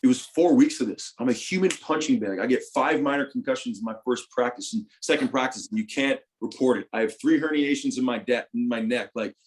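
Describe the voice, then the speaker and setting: A young man tells his story as an interview guest, animated and profane, with a voice at an ordinary middle pitch. His volume swings between loud bursts and hushed asides as he talks. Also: brisk, few pauses. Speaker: podcast guest, retired football player.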